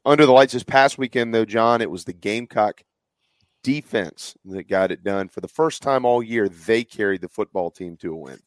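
A man's voice: lowish voice, moderate pace, no room sound. A man with a Southern US accent hosting a casual sports podcast, leading the talk and handing off to his co-hosts. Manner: conversational, hands off to co-hosts. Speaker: podcast host.

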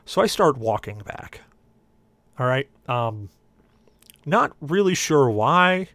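Animated man telling a comic story. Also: mid-range voice, takes it slowly, dry recording. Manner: animated, acts out the voices in his stories. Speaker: podcast panelist.

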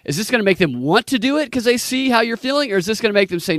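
Rambling, teasing man, slightly high voice. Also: big pitch swings, quick pace, few pauses, fairly bright tone, no room sound, studio quality. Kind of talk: casual chat.

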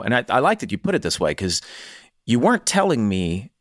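Man, casual podcast chat, lively pitch swings, swears, rambles, dry sound. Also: a little fast, no room sound. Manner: animated, swearing, rambling restarts. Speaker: podcast co-host.

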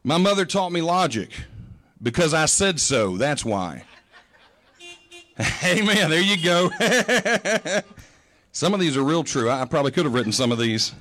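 A man's voice: fairly high pitch, animated, moderate pace, fairly bright tone. A middle-aged male pastor giving a sermon, telling humorous, folksy stories about his mother.

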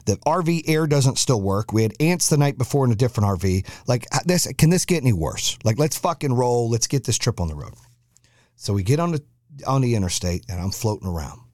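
Man, podcast host, profane storytelling, mid-pitched, dry close sound. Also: fairly quick, no room sound. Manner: animated, profane storytelling with acted-out quotes. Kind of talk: storytelling monologue.

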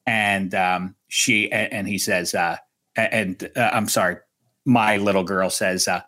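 Bright, animated male sports talk host. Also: lowish voice, a little slow. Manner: animated, self-mocking storyteller. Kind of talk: sports radio banter.

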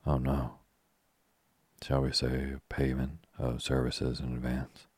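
A sweet-talking, clever young woman from a storybook, as a man reads her softly. The voice stays very low and husky, with little rise or fall. The sound is close and dry. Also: completely flat delivery, slow pace, no echo, full character voice.

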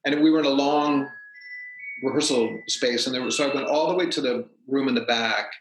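A man, a stage actor as a guest, telling stories in a casual, animated way and acting out what people said. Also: medium pitch, brisk, a little hiss or hum. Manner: animated, acts out quotes. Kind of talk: casual storytelling. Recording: roomy echo.

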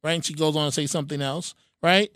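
Radio host, male, high-pitched and lively, sarcastic edge, dry close studio mic. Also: quick pace, no room sound. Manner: animated, sarcastic, repeats words when stressing a point. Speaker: radio talk show host. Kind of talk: talk radio, taking calls. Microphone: studio microphone.

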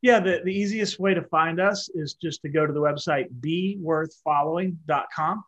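Earnest man with a higher voice. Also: moderate pace, fairly bright tone. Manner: earnest, reflective, repeats words when starting. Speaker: author and guest. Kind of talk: conversational interview.

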